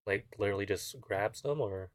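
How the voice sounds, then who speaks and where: A man with a fairly low voice joins in as co-host, mostly answering with quick acknowledgments. Now and then he asks a short, curious question about how things work. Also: no room sound, clean studio sound. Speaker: podcast co-host. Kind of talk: casual chat.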